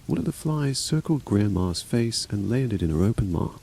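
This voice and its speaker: A man's voice: on the low side, animated, moderate pace, vocal fry, dark tone, low-quality recording. A man narrating a horror story as a scripted reading, voicing every character himself.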